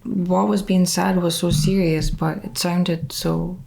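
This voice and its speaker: Woman reacting to an album, slow and gravelly, pretty even tone. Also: fairly low pitch, a little hiss or hum. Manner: slow, quietly impressed reactions. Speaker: reaction video co-host. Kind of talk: casual music reaction chat.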